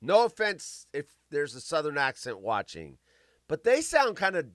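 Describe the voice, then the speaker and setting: A man hosting a loose talk show, his voice bright and bouncing all over the place as he reads stories aloud. He rambles, cracks jokes and trips over words. The sound is close and dry, with no room echo. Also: a little high, wildly swooping pitch, moderate pace. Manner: rambling, joking, stumbling over words while reading. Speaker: show host. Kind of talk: casual chat reading news stories aloud.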